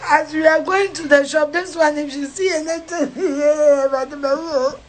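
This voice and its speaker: A woman's voice: high voice, fairly even intonation, measured pace. A middle-aged woman with a Ghanaian English accent, vlogging with her sons in a car, mock-crying, laughing and teasing them. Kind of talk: casual family vlog.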